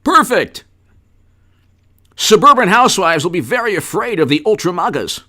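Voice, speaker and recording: A man's voice: high voice, sing-song, moderate pace, bright, forceful tone, pitched above the performer's own voice, exaggerated voice. A man mocking a gushing, eager political PR consultant with a breathless, fawning delivery.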